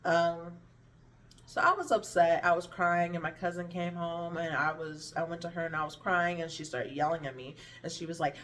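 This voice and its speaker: A hungry woman vlogger, recorded from a distance, shares personal stories to camera in a fairly low, fairly bright voice with fairly even intonation and a moderate pace. Her words slur slightly, profanity comes often, and her thoughts meander, trailing off before she restarts.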